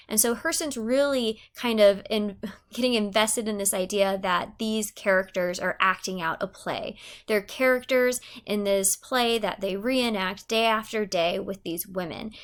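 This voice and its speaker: Woman teacher, gravelly fry, mid pitch, explaining and questioning, literature lesson. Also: fairly bright tone. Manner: explanatory, posing questions to students. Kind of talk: literature lesson with read-aloud.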